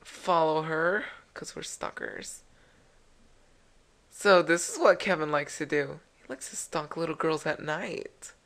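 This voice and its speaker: Woman let's play host, low-pitched, rambling and jokey. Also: slow pace, a bit bright. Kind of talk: casual gameplay commentary.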